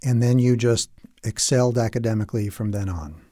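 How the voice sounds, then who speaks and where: A man hosts a podcast interview, asking admiring questions of his guest. His voice is mellow and dark, recorded close and dry with no room sound. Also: medium pitch, a little fast, no echo. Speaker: podcast host.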